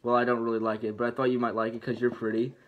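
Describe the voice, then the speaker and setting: A man's voice: mid-range voice, little pitch movement, rapid-fire, narrow, tinny audio, close to an everyday voice. Guy reading a clumsy ogre fumbling his words, casual read-through. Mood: nervous. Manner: nervous, stumbling delivery. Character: gruff, awkward male ogre. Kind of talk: casual amateur script reading.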